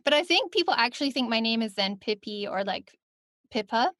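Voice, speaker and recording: A young Scottish woman chatting casually as an interview guest, giggling often and filling pauses with "um" and "like". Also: fairly high pitch, expressive, a bit bright, dry recording, studio quality. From Scotland. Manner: chatty, giggly, full of fillers.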